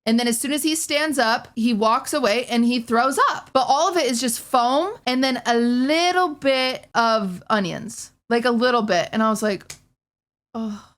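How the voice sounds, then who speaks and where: A young woman casually telling a frustrating personal story, talking fast and exasperated, swearing and acting out what others said. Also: fairly high pitch, a bit bright.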